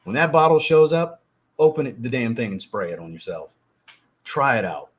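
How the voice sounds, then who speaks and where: A man hosting a fragrance livestream, chatting casually, telling profane, animated stories and reading out chat messages. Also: mid-range voice, normal speed. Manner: animated, profane storytelling, reads chat aloud. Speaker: livestream host.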